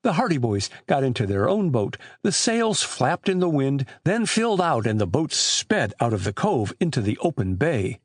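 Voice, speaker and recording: Lively male audiobook narrator. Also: mid-range voice, moderate pace, few pauses, no room sound, clean studio sound. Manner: animated reading with lively shifts for characters. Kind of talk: scripted narration.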